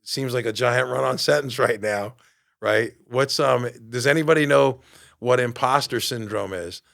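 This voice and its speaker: A man in his late fifties hosts his podcast from a studio, talking like a motivational coach. His voice sits at an ordinary middle pitch. He pushes hard on key words and then drops to a hushed, earnest tone. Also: normal speed, creaky. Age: 50s. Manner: energetic, emphatic, swings from loud to quiet. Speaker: podcast host and fitness coach. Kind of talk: motivational talk.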